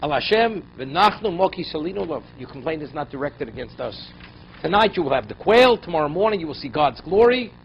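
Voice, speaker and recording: A male rabbi teaching a class, reading verses aloud and then unpacking them with pointed questions. His voice sits somewhat high and keeps jumping up and dropping low for emphasis. The recording is dull and lo-fi, with faint noise underneath. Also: sing-song, brisk, creaky. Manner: reads Hebrew verses, then explains in English with rhetorical questions; voice rises and drops sharply for emphasis. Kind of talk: Torah class, translating and explaining verses.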